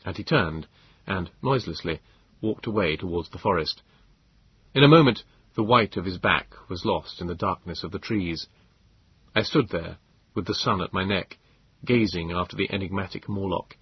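A man narrating a story in the first person, with expressive, measured storytelling. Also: low-pitched, husky, lo-fi sound. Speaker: audiobook narrator.

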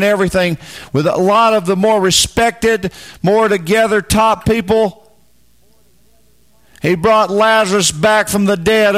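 Male preacher, high-pitched, folksy and emphatic, Bible teaching. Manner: folksy, emphatic, swings from low asides to loud bursts.

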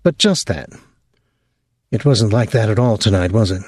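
A man's voice: on the low side, expressive, moderate pace, a little mellow, slightly rough, no room sound, clean studio sound. A male audiobook narrator voicing a bitter, sarcastic adult woman with a harsh tongue. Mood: troubled. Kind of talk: audiobook reading.

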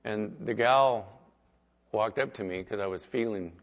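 A man preaching as pastor, talking conversationally and swinging between loud emphasis and quiet asides. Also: on the low side, a little slow, highs cut off. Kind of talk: sermon.

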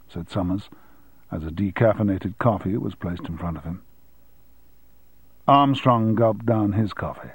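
A man narrating an audiobook in a measured, even storytelling manner. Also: low-pitched, breathy edge, dry recording. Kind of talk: scripted narration.

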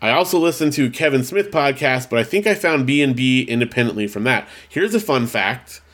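A man in casual podcast chat, talking in a middling voice and wandering off track as he goes. He stops and corrects himself often, and he reads listener letters out loud. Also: medium pitch, animated, fairly quick. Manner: rambling, self-correcting, reads listener mail aloud. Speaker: podcast co-host.

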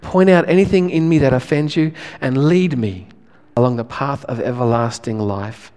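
A male pastor, preaching a sermon in a relaxed, conversational way, often restarting his phrases. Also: medium pitch, moderate pace, smooth, big-room sound.

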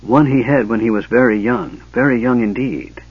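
A man voicing a frail, sickly young male mage who speaks in a hushed, hissing whisper. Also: mid-range voice, animated, brisk, husky, voice pushed up. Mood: secretive. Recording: dull lo-fi cassette audiobook.

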